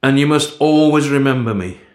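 A man voicing a rough, plain-spoken working-class father, blunt but tender. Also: medium pitch, moderate pace, voice pushed up, close to an everyday voice. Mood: gruff tender. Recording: roomy echo.

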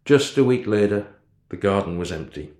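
A man narrating a story in the first person in a steady, low-key way. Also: normal speed, roomy sound. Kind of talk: storybook reading.

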